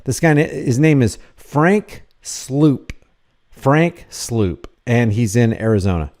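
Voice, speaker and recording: A middle-aged man with a mellow, dark voice talks over video clips. His commentary is blunt and emphatic, and he hammers each point home by repeating it. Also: medium pitch, lively intonation, slow pace. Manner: blunt, emphatic, repetitive phrasing. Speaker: commentator reacting to police footage.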